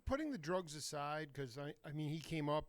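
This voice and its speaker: A man's voice: on the high side, animated, fairly quick. A man interviewing a guest, rephrasing his questions with hesitant fillers. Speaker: interviewer, host.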